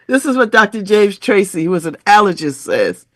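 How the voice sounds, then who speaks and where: Stuffy-nosed lady hosting a radio talk show, slow easygoing pace, dead dry studio mic, little chuckles as she reads. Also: mid-range voice, no echo. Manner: chuckles between remarks, chatty asides. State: congested, stuffy nose. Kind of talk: casual radio talk, reading an article aloud.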